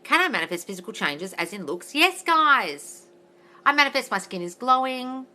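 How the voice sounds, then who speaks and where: An Australian woman, a mindset coach, answering viewer comments in a blunt, loud, sweary way during a casual live stream. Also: fairly high pitch, sing-song, moderate pace. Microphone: phone livestream.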